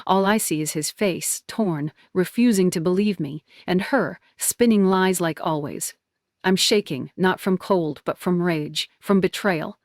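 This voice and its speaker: A woman's voice: on the low side, a little slow, dry recording, clean studio sound. A woman narrating a dramatic first-person story in clipped, tense, emotional sentences.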